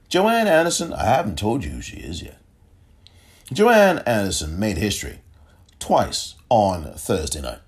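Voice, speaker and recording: A man with a low voice hosts his own political podcast, speaking on his own. His delivery is lively and emphatic, with pitch that swings widely. He often breaks off mid-thought and starts again. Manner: animated, emphatic, self-interrupting. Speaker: podcast host. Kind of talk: solo political commentary.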